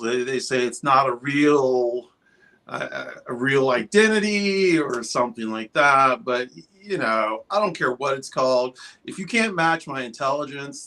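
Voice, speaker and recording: A man's voice: mid-range voice, bright, forceful tone. A man in a casual group chat who quips and laughs often.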